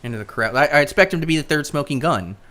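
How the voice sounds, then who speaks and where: An animated woman hosting a chat podcast. Her voice climbs and dips through every sentence. She talks in a sarcastic, rambling way and often stumbles over repeated words. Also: low-pitched, fast. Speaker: podcast host. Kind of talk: casual wrestling chat.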